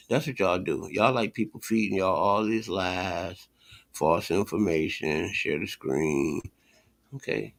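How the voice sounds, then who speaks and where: Male reaction streamer, gravelly voice, heated and scornful, repeats himself. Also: lowish voice. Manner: scornful, repetitive, swears a lot.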